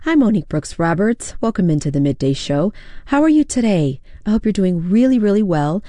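A woman hosting a classical music radio show, her voice husky and congested from allergies, greeting listeners in a chatty way. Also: mid-range voice, big pitch swings, fairly quick, warm tone, no room sound. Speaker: radio host. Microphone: studio microphone.

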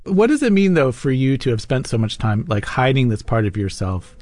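A man's voice: mid-range voice, big pitch swings, a little fast, darkish tone, dry recording. A man hosts a radio interview and asks plain questions in a conversational way. His voice sits in a middle register. The sound is dry and close.

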